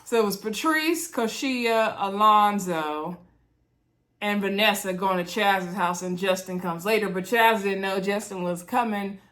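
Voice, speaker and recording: A woman's voice: medium pitch, unhurried, a bit bright. Chatty gossipy woman recapping a show. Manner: chatty, gossipy, addresses viewers as y'all, acts out quotes. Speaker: reality show recap host. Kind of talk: casual recap chat to viewers.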